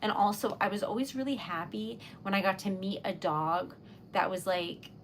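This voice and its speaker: A young woman hosting a relaxed livestream, chatting casually with viewers as she crafts, rambling and giggling often. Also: mid-range voice, normal speed, a little hiss or hum. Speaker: livestream host. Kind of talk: casual chat while crafting.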